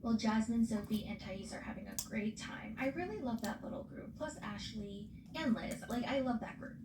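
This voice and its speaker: Animated, blunt woman recapping reality TV. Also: on the high side, moderate pace, reverberant, noisy background. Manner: animated, blunt, swears freely. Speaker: podcast host.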